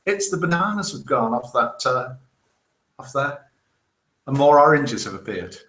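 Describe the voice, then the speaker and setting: A man's voice: medium pitch, big pitch swings, measured pace, fairly bright tone. A man hosting a live online show, chatting casually, reading out viewer comments and telling jokes he laughs at himself. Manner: chatty, jokey, laughs at his own jokes. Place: indoor room in Spain. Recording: roomy echo.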